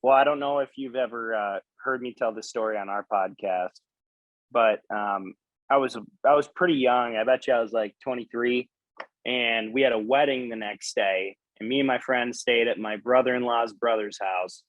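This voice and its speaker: A man's voice: medium pitch, moderate pace, no room sound, phone-quality sound. A man in a casual podcast chat, telling a story animatedly and swearing casually.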